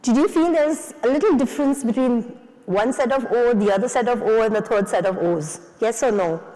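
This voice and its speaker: A woman's voice: on the high side, fairly quick, mellow. Woman coaching face exercises in a hall. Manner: encouraging, coaxing and playful with the audience. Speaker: face yoga instructor. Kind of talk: leading a live exercise session. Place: conference hall. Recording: reverberant conference hall.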